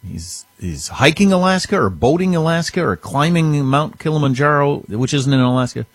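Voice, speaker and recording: Radio host guy, husky voice, dead dry studio sound, deadpan jokes. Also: a little high, moderate pace, no room sound. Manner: joking, deadpan. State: has pink eye. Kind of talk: casual chat.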